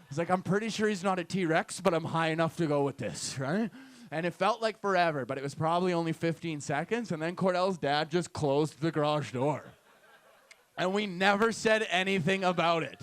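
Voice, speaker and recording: A man's voice: on the high side, moderate pace. Profane storytelling young man comic. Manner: loose, profane storytelling with many "right?" tags. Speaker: stand-up comic and show host. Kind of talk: stand-up set with crowd work. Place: comedy night venue with live audience.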